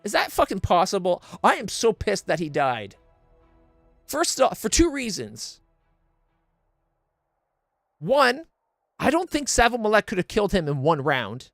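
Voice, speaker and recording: A man's voice: sits high, huge pitch swings, takes it slowly, creaky, pauses often, a bit bright, no room sound, studio quality, faint music behind. A man streaming a game blind, ranting in exasperated, profane casual commentary into a desk mic.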